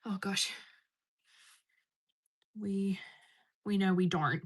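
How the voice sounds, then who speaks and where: Speaking slowly with frequent pauses in a low-ish voice, a woman streams live from her home. She is bubbly and chatty, reading and replying to her viewers' messages.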